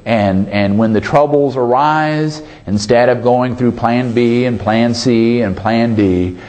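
A pastor with a mid-range voice preaches a sermon slowly. His delivery is emphatic and animated, and he often calls out for an amen.

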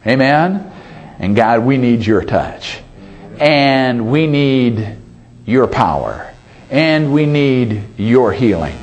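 A man's voice: mid-range voice, takes it slowly. A man preaching a sermon, emphatic, often calling out for an amen. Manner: emphatic, calls for amens, animated delivery. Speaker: pastor.

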